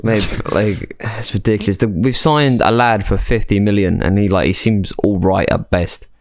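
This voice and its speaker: Blunt lad on a podcast, low voice, says stuff twice, dead dry audio. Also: male voice, normal speed, dry recording. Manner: blunt, emphatic, repeats himself. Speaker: podcast co-host. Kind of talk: casual chat.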